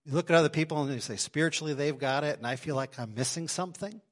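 A man preaching a sermon to his congregation in a church, swinging between loud emphasis and quiet asides. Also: fairly high pitch, quick pace. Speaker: pastor. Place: church sanctuary.

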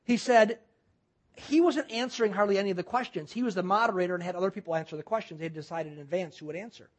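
A minister telling a story in a sermon, earnest, halting and restarting often. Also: medium pitch. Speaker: guest minister.

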